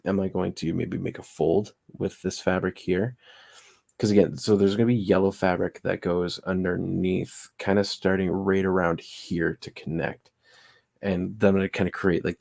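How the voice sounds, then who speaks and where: A man talks through a puppet build on a livestream, thinking aloud and tossing in jokes as he works. His voice is very low and gravelly, with a husky, breathy grain. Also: a little mellow. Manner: rambling, jokey, thinking aloud while working. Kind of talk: casual livestream craft chat.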